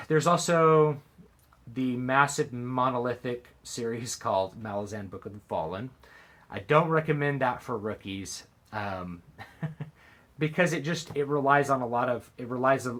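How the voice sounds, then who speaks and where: In this casual book-recommendation vlog, an author speaks to camera in a medium-pitched voice with a bit of brightness. He sounds hesitant, often using fillers and starting sentences over.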